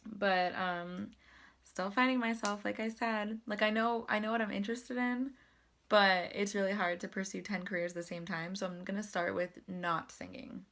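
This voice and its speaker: A woman's voice: mid-range voice, fairly even intonation, normal speed, fairly bright tone. A young adult woman talking casually to camera about breathing and meditation, chatty and self-deprecating, with lots of fillers. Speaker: vlogger.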